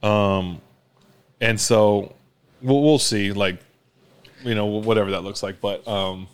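A man's voice: fairly low pitch, fairly even intonation, smooth. A man in his forties, a former quarterback hosting a podcast, telling stories in casual chat and acting out the lines of the people in them. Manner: rapid storytelling, acts out quotes.

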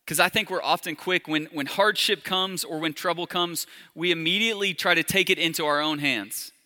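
Man, pastor, sermon, very bright tone, slightly high voice, conversational. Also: normal speed, in a large hall. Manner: casual, conversational preaching, dropping to soft intimate appeals.

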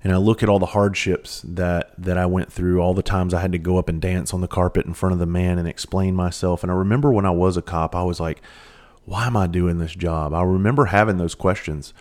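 Casting: man in his thirties, deep voice, ex-cop storyteller, profane and laid-back. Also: fairly even intonation, fairly quick, darkish tone. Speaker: former police officer and firefighter. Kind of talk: casual storytelling.

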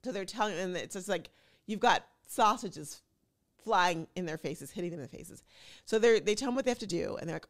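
A middle-aged woman from the United States hosts her own talk show, riffing through a chatty commentary. She sounds opinionated and quick with wry asides, and her voice sits a little lower than most women's. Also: vocal fry. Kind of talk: casual commentary monologue.

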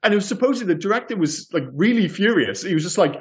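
A man in relaxed film chat, voice sitting a touch higher than most men's. He wanders through his points, restarting sentences and tripping over words, then pushing on. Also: fast. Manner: rambling, self-correcting, stumbles over words. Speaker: podcast co-host. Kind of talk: casual film discussion.

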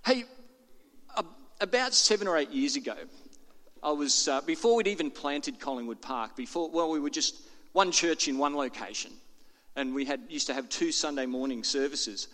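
A man's voice: a little high, normal speed, a bit bright, long reverb tail. An older man preaching a sermon to his congregation in a chatty, self-deprecating way. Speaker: pastor. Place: church auditorium.

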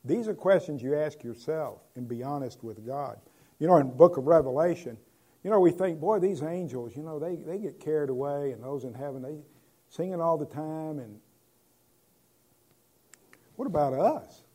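A man, a pastor, preaching a conversational sermon and moving between loud proclamation and quiet asides. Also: a little high, normal speed.

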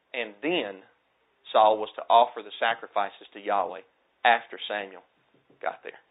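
A male preacher delivering a sermon, surging to loud emphatic stresses and dropping low again, acting out quotes in character. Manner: acts out quoted speech in character. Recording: tinny phone-like narrow sound.

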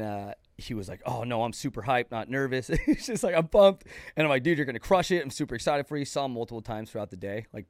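A young man talks on a podcast in quick, loose casual chat, full of "dude" and "like" as he tells stories. His voice sits low and dry, close to the mic with no room sound. He speaks at a brisk clip. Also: no echo. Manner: excited storytelling, heavy use of "dude" and "like". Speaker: podcast co-host.

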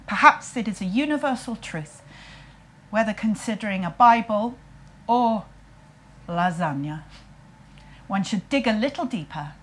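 A woman with a husky voice, telling a comic story in a wry, self-mocking way and putting on playful voices for quotes. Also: mid-range voice, lively intonation, measured pace, long pauses, slight background noise.

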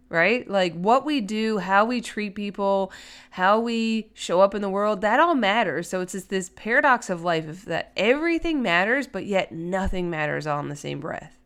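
A woman's voice: medium pitch, fairly bright tone, smooth. A woman hosting a solo podcast in a chatty, earnest way, with many fillers. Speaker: podcast host. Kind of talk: casual solo podcast talk.

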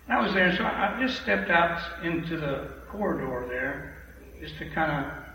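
A man's voice: fairly high pitch, normal speed, vocal fry. Emphatic man testifying in an echoey church. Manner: animated, emphatic, repeats phrases for effect. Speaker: church member giving testimony. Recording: echoey hall from far off, dull and noisy.

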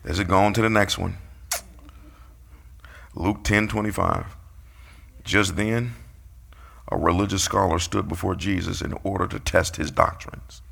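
A man's voice: low-pitched, fairly even intonation, unhurried, vocal fry, pauses often, fairly bright tone, slightly rough. A man preaching a sermon, playfully calling out his congregation and acting out quotes.

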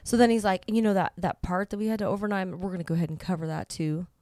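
A woman's voice: medium pitch, steady tone, fast talker, warm tone, no room sound, studio quality. A middle-aged woman telling a story in casual chat, acting out the people she quotes and laughing along. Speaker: podcast co-host.

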